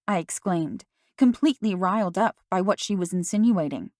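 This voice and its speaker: A woman narrates an audiobook in a measured, even storytelling style. Her voice sits fairly low, and the recording is clean studio sound with no echo.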